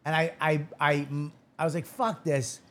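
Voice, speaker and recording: A man from Boston, a guest comedian, telling a profane, animated story on a casual podcast and acting out the quotes. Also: a little high, brisk.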